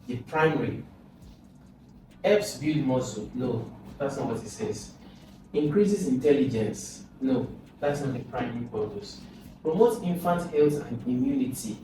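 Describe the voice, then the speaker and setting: A man, coaching students through exam questions and asking and answering his own questions. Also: medium pitch. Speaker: exam prep tutor. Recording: echoey room, distant mic, noisy.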